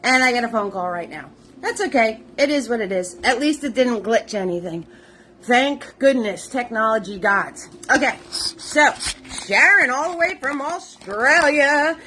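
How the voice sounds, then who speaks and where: A woman's voice: fairly high pitch, expressive, unhurried, sharp tone, slight background noise. A woman hosting a live-streamed painting class, chatty and bubbly, greeting viewers by name. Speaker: paint party host.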